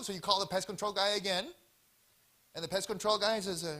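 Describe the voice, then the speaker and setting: Male health-talk presenter, animated storyteller; bright, fairly high voice. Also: a little fast. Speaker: health seminar speaker. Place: church event hall.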